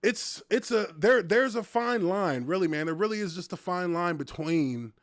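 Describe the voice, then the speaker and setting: A man's voice: sits high, expressive, normal speed, no echo, clean studio sound. A man in his thirties, a former offensive lineman, hosting a casual live stream and telling stories with a lot of profanity and laughter.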